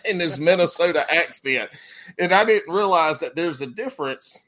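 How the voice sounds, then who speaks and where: A man's voice: fairly high pitch, animated, moderate pace, fairly bright tone. A man, hosting a casual chat and telling rambling, profane stories full of restarts. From Southern US.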